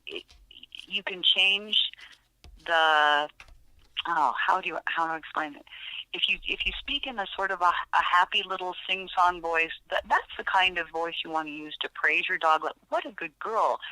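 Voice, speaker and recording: A woman's voice: on the low side, sharp tone, no room sound, low-quality recording. A woman animal behaviorist chatting as a podcast guest, telling stories with frequent fillers and restarts. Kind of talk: podcast interview.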